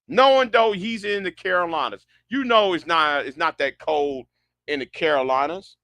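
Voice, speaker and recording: Sarcastic man ranting, bright voice. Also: a little high, normal speed, dry recording. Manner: sarcastic, incredulous, repeats himself. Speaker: online commentator. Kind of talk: ranting commentary.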